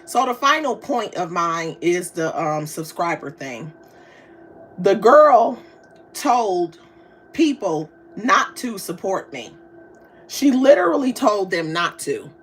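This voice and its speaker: A woman hosting a casual live stream, chatting with viewers and reading their comments aloud in a slangy, animated way. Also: mid-range voice, takes it slowly, slightly rough. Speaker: livestream host.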